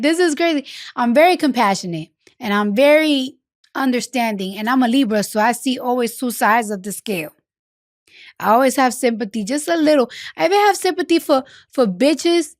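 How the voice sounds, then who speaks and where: Her voice sits high, captured with clean studio sound and no room sound. A blunt, foul-mouthed woman from the Bronx, New York, she's the guest in a candid conversational interview, frank and full of fillers.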